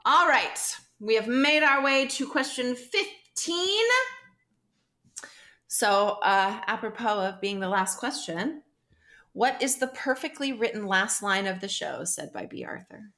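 A woman co-hosts a podcast in easy, casual conversation. She gushes and laughs often, her pitch leaping around. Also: expressive, measured pace, pushed and bright. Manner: gushing, emotional, laughs often. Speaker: podcast co-host.

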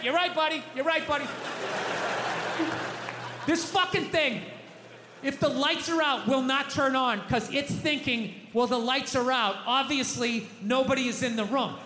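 A man in his thirties doing stand-up storytelling, profane and animated, bursting into shouted rants. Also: very high-pitched, normal speed, a crowd in the background. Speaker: stand-up comedian. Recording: echoey hall with faint noise.

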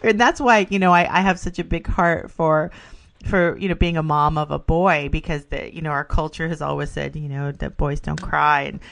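A woman's voice: low voice, fairly even intonation, normal speed, vocal fry, a bit bright. A middle-aged woman co-hosting a casual spiritual podcast, enthusiastic, laughing often and filling with "you know". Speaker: podcast co-host.

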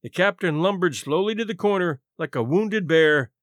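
A man's voice: high voice, lively intonation, a bit bright, dry recording, clean studio sound. A man narrating a classic short story as host of a story podcast. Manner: measured storytelling.

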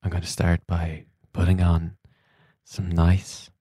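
Hushed shushing man over whale song. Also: low-pitched, monotone, takes it slowly, slightly rough, no echo. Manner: hushed, shushing, exasperated whisper. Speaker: podcast host. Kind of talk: comedic mock-calming whisper bit. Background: whale song music.

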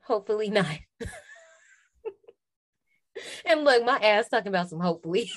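A woman's voice: medium pitch, lively intonation, moderate pace. A woman in her twenties, a podcast co-host, recapping a film in casual, slangy chat and laughing often.

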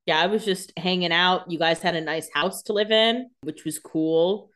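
A woman's voice: lowish voice, moderate pace, a bit bright. A young woman co-hosting a podcast, chatting casually and adding wry, jokey asides. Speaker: podcast co-host. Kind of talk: casual chat.

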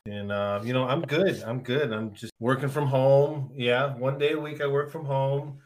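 Easygoing guy on a podcast call, friendly, lots of uhs, mid pitch. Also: moderate pace. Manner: relaxed, friendly, uses fillers. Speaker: podcast guest. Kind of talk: casual conversation. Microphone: remote call.

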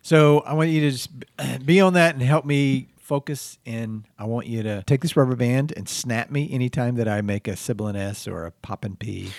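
A man hosting a comedy podcast, animated and quick to laugh in the banter. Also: medium pitch, gravelly, no room sound, studio quality. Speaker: podcast host.

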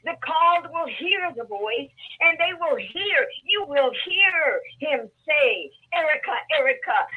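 A woman's voice: high-pitched, phone-quality sound. A woman preacher delivering a sermon, emphatic and repetitive, calling out to the congregation for responses.

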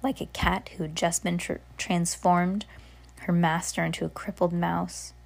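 A woman's voice: lowish voice, little pitch movement, a little slow, vocal fry. A woman reading a storybook aloud, stumbling and restarting now and then. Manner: unpolished, frequent restarts. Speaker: reader.

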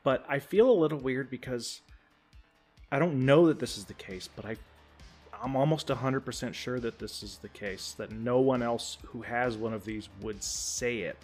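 A man co-hosting a podcast in casual chat, joking wryly, swearing now and then and trailing off quietly. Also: medium pitch, measured pace, faint music behind. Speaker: podcast co-host.

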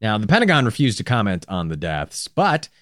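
A man's voice: fairly low pitch, wildly swooping pitch, fairly quick, a bit bright, no room sound, studio quality. A man co-hosting a true-crime podcast, telling the story casually with wry asides and some swearing. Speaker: podcast co-host.

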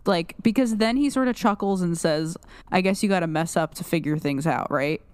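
A woman's voice: fairly low pitch, moderate pace, darkish tone, clear, resonant tone, no echo. A woman with a New Jersey accent co-hosting a casual podcast, chatting and laughing as she quotes lines from the show. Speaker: podcast co-host. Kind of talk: casual chat.

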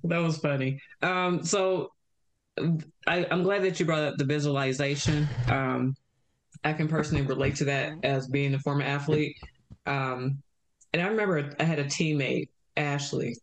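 Male guest, quiet and tentative, casual chat, slightly raised pitch. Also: fairly even intonation, normal speed, a little hiss or hum, low-quality recording. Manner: soft-spoken, hesitant, many ums. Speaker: podcast guest, former athlete.

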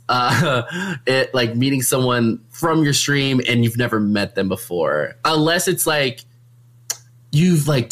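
A young man talks casually and chattily, laughing often and leaning on filler words. His pitch sits at an ordinary middle height. He speaks as a streamer answering viewer questions. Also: a bit bright. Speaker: streamer and meetup organizer. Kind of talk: casual chat.

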